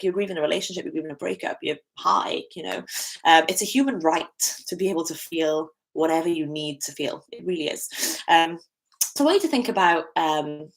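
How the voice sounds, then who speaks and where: A woman's voice: lowish voice, creaky. A young British woman giving a candid, chatty solo podcast talk, with frequent fillers and restarts. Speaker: podcast host.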